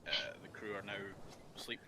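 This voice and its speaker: Low-voiced man running a tabletop game. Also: a little fast, heavy background noise. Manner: relaxed, with frequent ums and uhs. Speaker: game master. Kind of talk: narrating a tabletop game over voice chat. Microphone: computer mic on voice chat.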